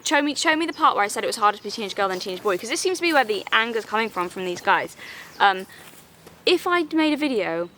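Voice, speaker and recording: A woman's voice: medium pitch, a bit bright, a little hiss or hum. A woman vlogger talking straight to camera in a rambling, exasperated way, full of fillers and restarts, answering comments. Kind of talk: casual vlog chat.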